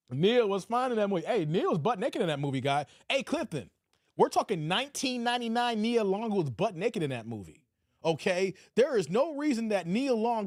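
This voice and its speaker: A man talks in a lively, animated way, his pitch rising and falling constantly as he jokes and reads out chat. His voice sits in a middle register and is recorded very dry and close. He keeps repeating his catchphrases in a casual streaming style. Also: no echo. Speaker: reaction streamer. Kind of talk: casual live commentary reading chat.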